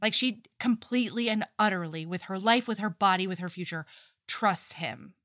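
A young woman co-hosting a book podcast, recorded close and dry with no room sound. She recaps the plot in a chatty, animated way, slipping into mocking voices for the characters. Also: mid-range voice, normal speed, no room sound. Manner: animated retelling, acting out lines with mocking quotes. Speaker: podcast co-host. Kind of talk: casual book-discussion chat.

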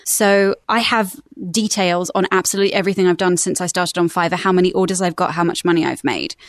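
A woman's voice: on the low side, no room sound, studio quality. A woman who works as a voice-over artist, chatting upbeat and laughing often in a podcast interview. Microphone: studio microphone.

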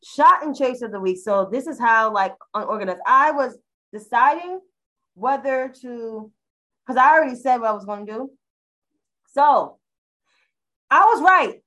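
A woman with a slightly high voice co-hosts a casual podcast. She rants bluntly and profanely, driving home each point with emphatic repetition. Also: normal speed, pushed and bright, low-quality recording. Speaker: podcast co-host. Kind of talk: casual chat.

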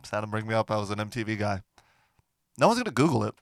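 A man co-hosting a comedy podcast in casual chat, teasing with deadpan jokes. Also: fairly low pitch, racing, no echo, clean studio sound.

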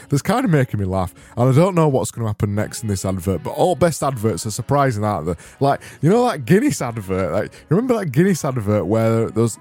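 A man putting on a hungry Yorkshireman hawking a cookbook. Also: a little mellow. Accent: Yorkshire (put on). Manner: silly rambling ad pitch, stumbling over words. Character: self-described big hungry Yorkshireman cookbook author.

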